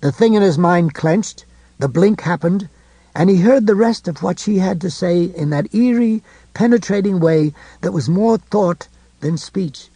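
A man narrating a novel as an audiobook in a steady, tense storytelling manner. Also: high-pitched, unhurried, breathy edge, no echo.

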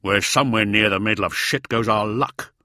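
A man voicing a gruff, hardened male warrior who speaks bluntly and curtly. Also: fairly low pitch, brisk, sharp tone, no echo, studio quality. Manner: blunt, curt.

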